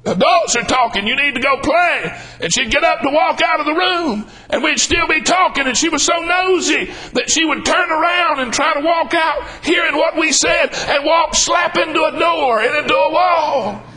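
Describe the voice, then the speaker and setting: A man's voice: very high-pitched, normal speed, few pauses, pushed and bright, raised voice, poor audio. An older man preaching a humorous sermon, folksy and drawling, calling out lines for emphasis.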